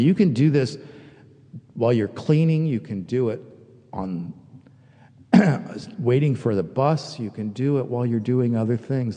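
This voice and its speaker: A man preaching a sermon as pastor, reflective and quietly confessional, rising to emphatic peaks. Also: mid-range voice, expressive, measured pace, in a large hall.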